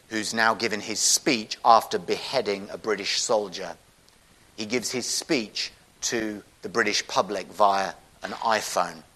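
A man's voice: lowish voice, fairly bright tone, rough recording. A man giving a public talk with slides, speaking in a conversational, earnest way with frequent restarts.

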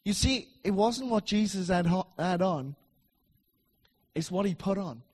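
A middle-aged man preaching a sermon in a church, emphatic and repetitive, swinging between loud declarations and soft asides. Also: high voice, expressive, unhurried, slightly rough.

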